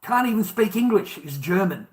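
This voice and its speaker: A man's voice: high voice, expressive, moderate pace. A man with an Australian accent, telling a personal story in a profane, emphatic rant that repeats points for emphasis.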